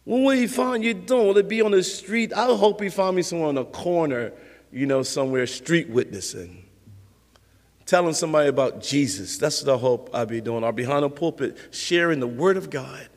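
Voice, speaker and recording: A man preaching a sermon as pastor, conversational and lively, acting out little scenes for his listeners. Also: a little high, a little fast, in a large hall.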